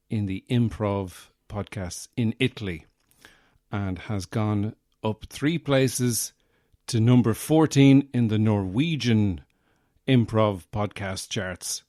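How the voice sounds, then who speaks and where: Man rambling in a deadpan comic podcast monologue. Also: lowish voice, no room sound, studio quality. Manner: deadpan absurd bragging, frequent fillers. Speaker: podcast host, comedian.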